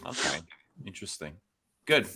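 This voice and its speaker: A man's voice: low-pitched, big pitch swings, normal speed, gravelly, pushed and bright, husky. A man co-hosting a casual perfume livestream chat, playful and chatty. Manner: chatty, playful, jokes about ads. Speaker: livestream co-host.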